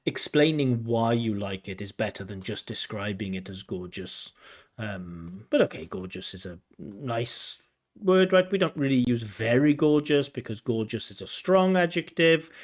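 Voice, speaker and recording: A man's voice: mid-range voice, lively intonation. A man working as an IELTS examiner, giving spoken feedback on a candidate's answers in a corrective, explanatory way. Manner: explanatory, corrective, pauses to replay and comment.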